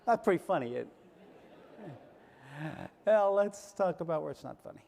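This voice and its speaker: Older man, keynote speaker, motivational speech, acts out voices in his stories, high voice, long hall reverb. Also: expressive, moderate pace, vocal fry, long pauses, darkish tone. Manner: storytelling, acts out quoted voices. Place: large hall with audience.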